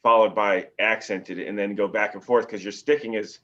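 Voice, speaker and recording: A man on a drumming video call who makes slow, deliberate suggestions, heard through dull lo-fi call audio. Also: fairly low pitch, fairly even intonation, fairly bright tone.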